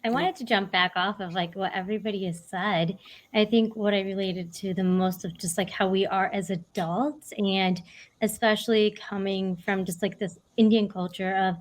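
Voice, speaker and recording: A woman's voice: medium pitch, fairly even intonation, normal speed. A woman in her thirties with a doctorate, speaking reflectively on a livestream panel and often hedging with "like". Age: 30s. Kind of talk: casual livestream panel talk.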